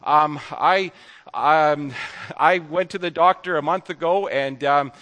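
A man's voice: fairly high pitch, slow pace, pushed and bright. A man with a nasal voice preaching an earnest, conversational sermon as pastor in a church, then leading a spoken prayer. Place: church sanctuary. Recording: long reverb of a church hall.

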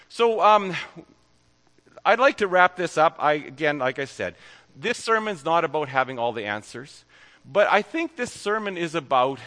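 A man's voice: on the high side, sharp tone. A man with a nasal voice preaching an earnest, conversational sermon as pastor in a church, then leading a spoken prayer. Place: church sanctuary. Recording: long reverb of a church hall.

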